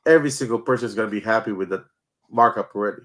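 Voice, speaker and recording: Halting man plugging a card show. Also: lowish voice, a bit bright. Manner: halting, many fillers. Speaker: card show organizer, guest. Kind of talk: casual chat and event promotion.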